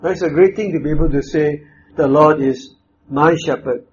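Man preaching a measured sermon. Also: a little high, slight background noise. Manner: measured, emphatic with pauses and fillers. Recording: dull lo-fi with faint ambience.

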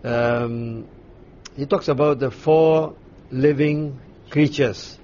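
A man leading a Bible study, explaining scripture in an unhurried way, pausing and restarting as he searches for words. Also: mid-range voice, fairly even intonation, a little mellow. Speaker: Bible teacher. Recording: dull lo-fi recording with faint noise.

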